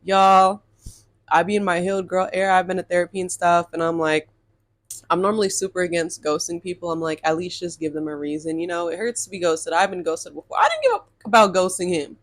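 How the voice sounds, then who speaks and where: Animated young woman ranting a storytime. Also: fairly low pitch, a little fast. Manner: animated, exasperated, swears, addresses viewers as y'all. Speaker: storytime vlogger. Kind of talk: casual storytime rant.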